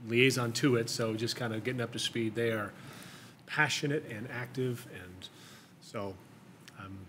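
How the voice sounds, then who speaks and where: A man's voice: on the low side, a bit bright. An easygoing man on a city council gives a light, joking update at a meeting. A faint hum of the room stays under his voice.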